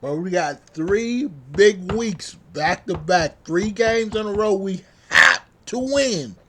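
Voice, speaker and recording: A young man with a fairly high voice rants to camera as a sports vlogger, fired up and repetitive. His talk is loose, heated and full of slang fillers. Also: lively intonation, slow, sharp tone. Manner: heated, repetitive, says bruh constantly. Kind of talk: casual fan rant.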